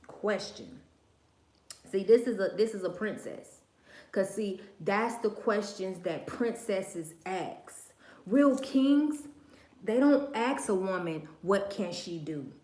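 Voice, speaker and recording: A woman's voice: medium pitch, takes it slowly, darkish tone, roomy sound. A woman hosting a livestream, giving her opinions in a slangy, emphatic, preachy way, repeating her phrases. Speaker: livestream host. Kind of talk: casual opinion monologue on a livestream.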